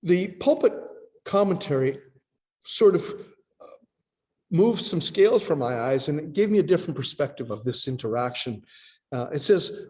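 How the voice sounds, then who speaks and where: A man preaches in a fairly high voice that swoops up and down with a lot of expression. He reads scripture and acts out the people in it in a teaching tone. Long reverb from a worship hall carries each phrase. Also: animated, moderate pace, darkish tone. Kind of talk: sermon.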